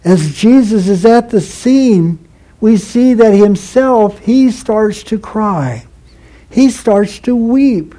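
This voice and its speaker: A man delivers a sermon in a fairly high, warm voice. He speaks slowly and earnestly, repeating key phrases for emphasis. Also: rough recording. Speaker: pastor.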